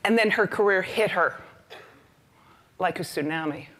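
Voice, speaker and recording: A woman's voice: fairly low pitch, measured pace, a little hiss or hum. A woman speaking to a conference audience. She tells her stories with humor and energy, building up to each point. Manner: storytelling, lively and humorous. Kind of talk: conference talk.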